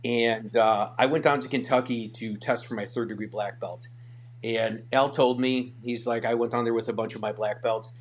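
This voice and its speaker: A man's voice: medium pitch, normal speed, slight background noise. An older man, a martial arts guest, telling stories in a casual interview, acting out what others said and often repeating words. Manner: animated storyteller, acts out quotes, repeats words.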